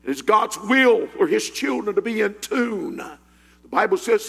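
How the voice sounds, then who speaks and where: High raspy gravelly preacher man, pentecostal sermon, big echoey hall. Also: expressive, a little slow. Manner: builds from low storytelling to shouted preaching. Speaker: pastor.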